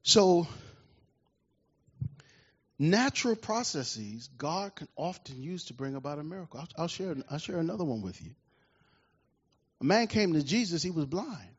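A man preaching a sermon in an animated way, often asking the congregation questions, with a husky voice. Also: a little high, moderate pace, pauses often. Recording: dull lo-fi recording.

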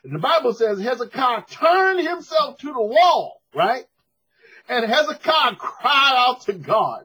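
A man's voice: very high voice, very animated, measured pace, bright, forceful tone, breathy edge. A man preaching a sermon to a congregation in a church, emphatic and conversational, calling for responses. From United States.

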